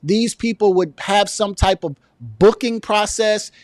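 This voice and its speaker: A man rants through a political commentary with a high-pitched voice. The sound is dry and close, with no room around it. He is indignant and sarcastic, piling one point onto the next. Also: steady tone, unhurried, no room sound. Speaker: commentary vlogger.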